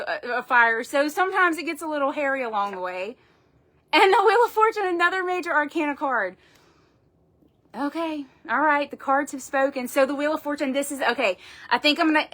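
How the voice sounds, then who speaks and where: A woman with a high, sharp voice gives a tarot reading on a live stream. She talks into her phone in an emphatic, folksy way and swears casually.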